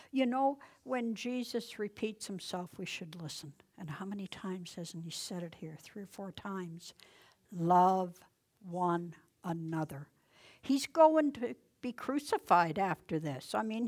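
A mid-range-voiced woman runs a casual Bible study, reading scripture forcefully before slipping into quiet, almost whispered remarks. Her commentary is folksy and chatty, sprinkled with rhetorical questions.

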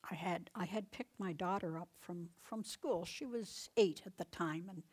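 A woman's voice: lowish voice, moderate pace, husky. Chatty woman teaching Bible, laughing often. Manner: chatty, laughs often, punches up commands with sudden loudness. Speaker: Bible teacher and deliverance minister. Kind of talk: casual Bible teaching with personal stories.

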